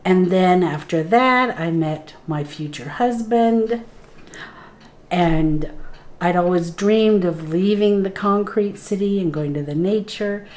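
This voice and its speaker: Speaking in a fairly low, somewhat mellow voice, a middle-aged woman recounts her personal story during an interview, where she is the guest and a spiritual guide by profession. She goes slowly and earnestly, voicing the dialogue as she relives it.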